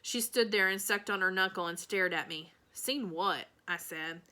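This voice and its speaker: A woman reads a children's novel aloud in a bright, clear voice. Her pace is steady and storybook-like, and she voices the characters only lightly. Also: mid-range voice, normal speed. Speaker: reader.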